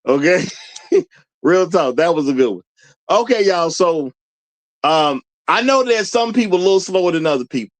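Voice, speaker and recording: Lively, laughing male stream host. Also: high voice, moderate pace, long pauses. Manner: laughs often, repeats lines for emphasis; rhetorical, questions the audience. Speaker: show host. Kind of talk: casual live-stream commentary.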